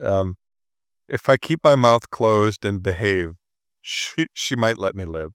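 A man's voice: lowish voice, expressive, takes it slowly, clear, resonant tone, dry recording. Dry-humored man in his sixties. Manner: dry, self-mocking storyteller. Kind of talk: casual chat.

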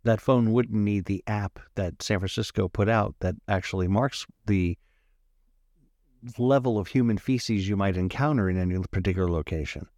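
A man with a somewhat low voice trades casual remarks on a podcast and drops deadpan quips. His voice sounds close and dry. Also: normal speed, no room sound. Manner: dry wisecracking. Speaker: podcast co-host. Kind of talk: casual chat.

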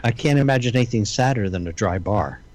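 A man in a casual group chat, throwing in quick jokes and asides. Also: fairly low pitch, lively intonation, darkish tone. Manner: quick joking interjections.

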